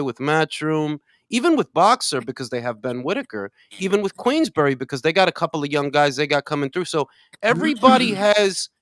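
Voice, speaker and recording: An older man hosting a casual boxing talk show, profane and loud, swinging between shouting and muttering. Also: on the high side, no echo, studio quality. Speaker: boxing podcast host. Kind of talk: casual chat.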